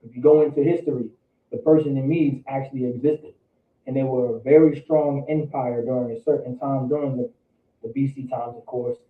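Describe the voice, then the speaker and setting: A man's voice: mid-range voice, steady tone, fairly quick, narrow, tinny audio. Man, Bible teacher, slangy preaching, repeats himself; distant, echoey, phone-thin audio.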